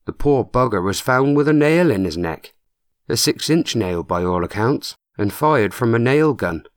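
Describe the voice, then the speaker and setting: A man plays an anxious, eager young apprentice lad from Suffolk, his vowels drawn long and broad. The voice sits higher than a usual man's talk and swings widely in pitch. The audiobook recording is close and dry. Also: lively intonation, normal speed, no echo, lightly acted.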